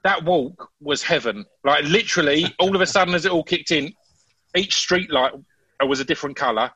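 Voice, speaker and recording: A man telling stories in a casual chat, animated, with frequent restarts. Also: fairly high pitch, brisk, slightly rough, dry recording, dull audio.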